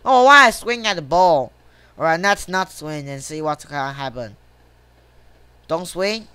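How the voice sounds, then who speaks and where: A woman commenting casually on her gameplay, cursing and griping at every missed chance. She speaks slowly in a smooth, clear voice. The sound is dry and close. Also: sits low, expressive, sharp tone, dry recording. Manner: swears often, grumbles at the game; talks to self and viewers between plays. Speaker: gamer.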